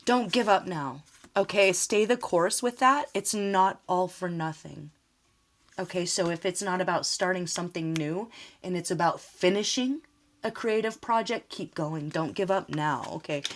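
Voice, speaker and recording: A woman's voice: fairly low pitch, slight background noise. A woman giving a casual spoken tarot reading, talking in a rambling, emotional way and often laughing. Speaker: tarot reader.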